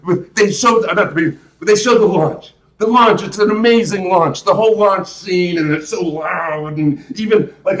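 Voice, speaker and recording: A man's voice: high voice, a bit bright, reverberant. A man hosting a live show, rambling through a casual movie rant with emphatic restarts and rhetorical questions. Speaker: host.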